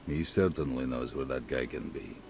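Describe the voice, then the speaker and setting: A curt, deep-voiced game trader. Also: male voice, normal speed, darkish tone, soft background music. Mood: brusque. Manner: curt, dismissive. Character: gruff middle-aged male trader. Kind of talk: video game voice acting.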